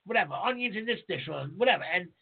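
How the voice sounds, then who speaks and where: New chef, co-host, husky and fast, cusses freely, tinny phone-like audio. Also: male voice, high-pitched. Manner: profane, animated storytelling. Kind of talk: casual chat, storytelling.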